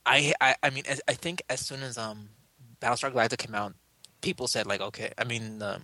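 A man's voice: mid-range voice, fairly even intonation, quick pace, bright, forceful tone, no echo. Rambling, sarcastic male podcast host. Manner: rambling, hesitant, lots of fillers and restarts, sarcastic. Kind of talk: casual chat.

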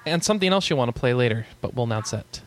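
A man's voice: mid-range voice, lively intonation, rapid-fire, slight background noise. A man hosting a casual podcast chat, reading out listener letters and laughing often. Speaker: podcast host.

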